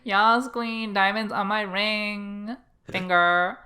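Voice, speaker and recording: A podcast co-host voicing a giddy, sassy young woman from an anime, in a high, gushing voice. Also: little pitch movement, takes it slowly, pushed and bright.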